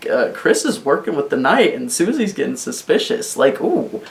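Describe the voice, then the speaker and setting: An excitable woman riffs on her game theories with a rambling, profane, off-the-cuff delivery. Her voice swoops up and down with lively energy. The sound bounces around an echoey room. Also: deep voice, normal speed, vocal fry. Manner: excitable, rambling, swears a lot. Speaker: video host. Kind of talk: casual game theory rant.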